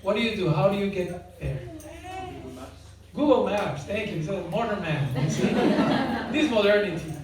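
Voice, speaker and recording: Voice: mid-range voice, lively intonation, normal speed, very noisy. A devotional speaker giving an informal spiritual talk, joking and quizzing the audience with frequent laughter. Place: large hall with audience. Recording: very echoey hall, mic far off, audience.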